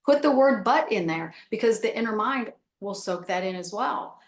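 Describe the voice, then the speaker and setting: A woman's voice: medium pitch, expressive, normal speed, hardly any pauses. A woman guest on a call giving a casual spiritual teaching, repeating her phrases and acting out little self-talk examples. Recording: roomy echo.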